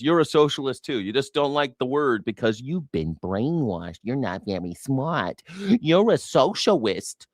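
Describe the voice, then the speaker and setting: A man's voice: medium pitch, no room sound, clean studio sound. An American man hosting a news reaction livestream, talking in a sarcastic, mocking way and swearing freely. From United States. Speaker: news reaction show host. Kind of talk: profane livestream commentary.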